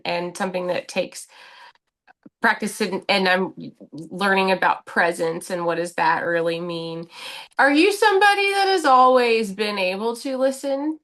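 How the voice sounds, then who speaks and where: A woman hosts a podcast interview and speaks slowly, with a mid-range voice. She stammers and restarts as she shapes her questions. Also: medium pitch. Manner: hesitant, stammering restarts, warm affirmations. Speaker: podcast host.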